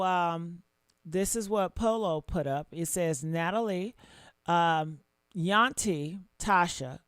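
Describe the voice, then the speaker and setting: A woman hosting a live stream, commenting loudly and profanely on a family dispute and shouting out exclamations. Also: fairly low pitch, clean tone.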